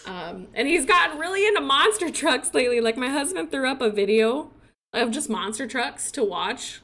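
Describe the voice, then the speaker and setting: A woman's voice: sits high, animated, a little fast, a bit bright. A young woman in her twenties chatting casually while she plays, rambling about her son and laughing often. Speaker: gaming streamer and mother. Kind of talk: casual chat while playing.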